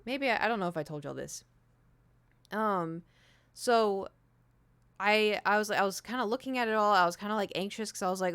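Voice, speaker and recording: A young woman streamer telling a rambling story to her chat, animated, with lots of "like" and acted-out quotes. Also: medium pitch, moderate pace, pauses often, smooth, dry recording. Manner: animated, rambling, heavy use of "like", acts out quoted speech.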